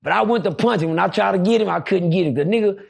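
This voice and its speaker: A man telling a prison story in casual chat, loud and profane, breaking into shouts. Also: high voice, fast talker, gravelly, breathy edge. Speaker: podcast guest storyteller.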